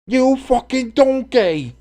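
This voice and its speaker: A man's voice: very high-pitched, animated, slow pace, warm tone, voice pushed up, full character voice. A man putting on a brash celebrity chef impression, a mocking attempt at an English accent that he admits he cannot pull off.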